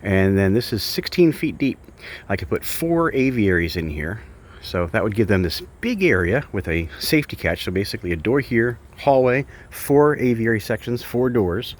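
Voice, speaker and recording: Out in his backyard near an aviary, a bird sanctuary keeper shoots a casual walk-and-talk vlog on a handheld camera, the outdoor ambience noisy. He rambles and self-corrects in a fairly low, very animated voice at a moderate pace.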